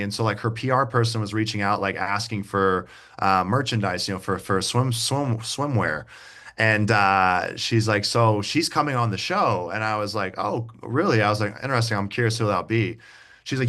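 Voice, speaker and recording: A man with a fairly low voice chats casually as a podcast guest, circling back and restarting his sentences as he goes. He sounds like someone in his thirties, relaxed and talkative, and often acts out both sides of a conversation. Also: moderate pace. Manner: rambling, many restarts and fillers. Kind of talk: casual interview chat.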